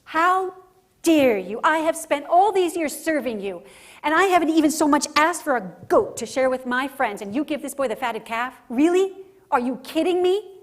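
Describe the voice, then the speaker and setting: Brief: resentful young man, indignant and loud, put on by a woman speaker. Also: medium pitch, moderate pace, natural voice. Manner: loud, incredulous outburst.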